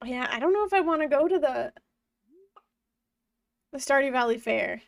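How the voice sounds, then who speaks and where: A woman's voice: sits high, expressive, normal speed, creaky, dry recording, far from the mic. A woman in her twenties streaming a farming game from home, chatting casually with her chat and laughing often. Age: 20s. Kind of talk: casual live-stream chat while gaming.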